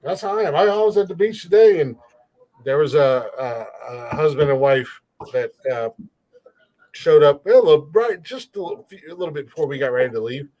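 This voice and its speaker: A man's voice: a little high, moderate pace, warm tone, rough recording. A man hosting a podcast, talking in a rambling, profane, folksy way about being a country guy. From rural countryside. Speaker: podcast host. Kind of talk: casual podcast chat.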